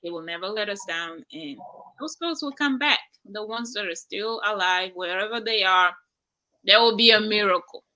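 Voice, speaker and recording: A young woman from Nigeria tells her own story as a guest. Her voice is bright and forceful. She speaks earnestly and prayerfully, and a soft laugh slips in now and then. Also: medium pitch, moderate pace, rough recording. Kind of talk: emotional personal testimony.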